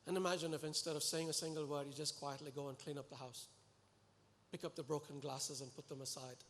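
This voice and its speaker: A man preaching a sermon to a congregation, earnest and animated, pleading and exhorting his listeners. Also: fairly high pitch, fast, a little hiss or hum. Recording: echoey hall with long reverb.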